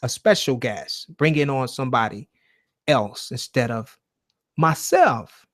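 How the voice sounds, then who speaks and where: A man's voice: mid-range voice, animated, unhurried, fairly bright tone. A man hosting a casual livestream chat show, talking loosely and emphatically with plenty of swearing, speaking straight to his viewers and reading their chat. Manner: loose, profane, emphatic preaching tone. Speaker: host of a call-in show.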